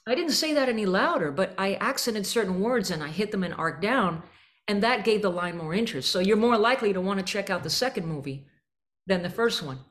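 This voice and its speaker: A woman coaching a student band in a rehearsal room. She explains articulations with vivid images and sings short syllables to show the sound she wants. Her voice sits in a middle pitch. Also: fairly bright tone. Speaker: band clinician.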